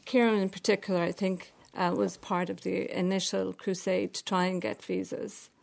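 An Irish woman being interviewed, answering in a measured, reflective way. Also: mid-range voice, level tone, vocal fry, darkish tone. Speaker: interview guest. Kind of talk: conversational interview.

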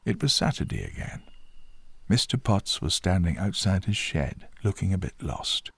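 A man narrating a children's storybook in a gentle, expressive way. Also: sits low, normal speed, gravelly, husky, no room sound.

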